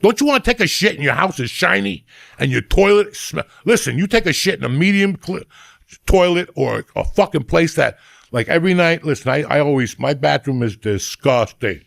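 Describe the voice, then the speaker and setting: A middle-aged man rants in a profane, rambling, comic way as a podcast host. His voice is gravelly and sits a little high, and it is recorded close and dry. Everything comes out loose, like talk between friends. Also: lively intonation, moderate pace, a bit bright, no room sound. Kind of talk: crude comedic rant.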